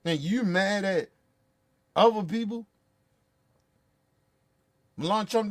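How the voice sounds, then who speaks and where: A man's voice: high voice, sing-song, takes it slowly, pauses often. A man ranting in profane, heated commentary, blunt and repetitive. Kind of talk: profane political rant.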